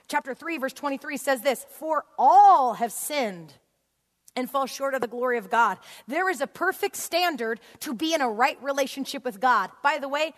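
A woman preaching a sermon to a congregation, telling stories with an animated, laughing delivery. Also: on the high side. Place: large church hall with congregation. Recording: long hall reverb.

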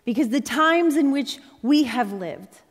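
A woman's voice: high voice, animated, unhurried. A woman preacher delivering an impassioned, dramatic sermon in a church sanctuary. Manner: impassioned, dramatic, rising and falling intensity. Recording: long reverb in a large hall.

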